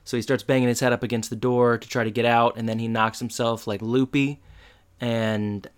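A man co-hosting a podcast, recapping a TV episode in relaxed, rambling casual talk. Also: medium pitch, normal speed, smooth. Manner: relaxed, rambling narration with fillers. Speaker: podcast co-host.

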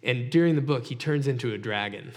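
A man's voice: medium pitch, brisk. A male pastor preaching a sermon in a conversational way, asking his listeners direct rhetorical questions. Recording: long hall reverb.

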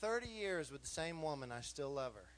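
A man in his fifties preaching with an animated, joking delivery and a fairly high voice. He keeps turning to the congregation with questions. A faint hum sits under the live church recording. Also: brisk. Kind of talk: sermon.

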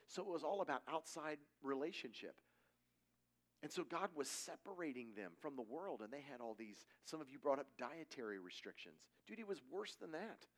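A middle-aged man giving a conversational sermon, telling stories casually and acting out quoted voices. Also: on the high side. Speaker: preacher.

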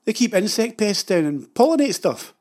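A bossy, sharp-tongued Scottish wife, put on by a man telling the story. She scolds in short, clipped lines, her voice sitting on the higher side. The delivery stays close to an everyday speaking voice. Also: very animated, normal speed. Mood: tart.

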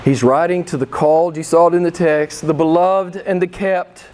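Fired-up male preacher, high voice. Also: fairly even intonation, normal speed, a little mellow. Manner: impassioned, emphatic, repeats phrases. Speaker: pastor. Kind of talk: sermon.

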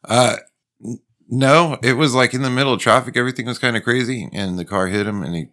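A young man casually recounting his trip in a laid-back, deadpan way, swearing as he goes. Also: mid-range voice, quick pace. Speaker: podcast co-host back from a trip. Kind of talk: casual storytelling.

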